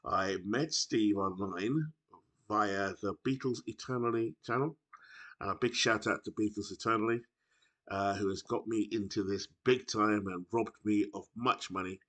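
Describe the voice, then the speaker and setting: A man's voice: on the low side, normal speed, fairly bright tone. Chatty British man, rambling and self-correcting. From United Kingdom. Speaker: video game streamer. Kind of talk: casual chat to camera. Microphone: laptop microphone.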